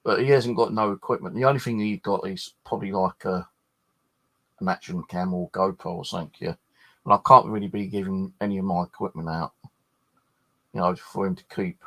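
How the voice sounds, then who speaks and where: Tired, rambling man, low voice. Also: steady tone, brisk, pushed and bright. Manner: swears freely, meandering with many restarts. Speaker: ghost hunter chatting with livestream viewers. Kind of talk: rambling casual chat.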